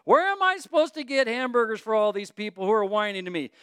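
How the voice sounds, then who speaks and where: Rich: An exasperated, weary old leader complains about his burden, as a preacher puts him on. The voice is high and smooth, with a dry, close sound. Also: very animated, quick pace, fairly bright tone, no room sound.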